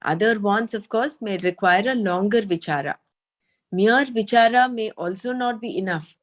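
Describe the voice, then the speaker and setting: A woman reads a spiritual text aloud to a small group and then explains it in her own words. Her delivery is measured and thoughtful, with hesitant fillers when she talks freely. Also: mid-range voice. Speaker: study group leader reading the text.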